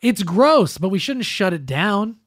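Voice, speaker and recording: A man co-hosting a podcast, talking politics in casual, animated bursts and often slipping into quoted asides. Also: high voice, a little slow, no room sound, studio quality. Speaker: podcast co-host.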